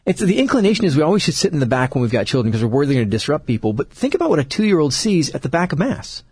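A man in his thirties chats about family life in a husky, breathy voice whose pitch rises and falls with real animation. He acts out little quotes and laughs easily. The sound is close and dry. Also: sing-song, racing, a little mellow, dry recording. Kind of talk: casual chat.

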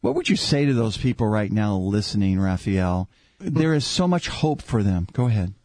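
A man's voice: lowish voice, sing-song, moderate pace, no room sound, clean studio sound. A man hosting a Christian talk show, preaching with fervor and asking guests questions. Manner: fervent, builds to shouted praise. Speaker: host.

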